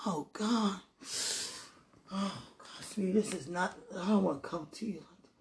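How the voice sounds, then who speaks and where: A woman lying in bed, praying aloud in a moaning, pleading way, drifting between hushed whispers and loud protests. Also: mid-range voice, moderate pace, a little hiss or hum. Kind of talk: emotional spoken prayer monologue.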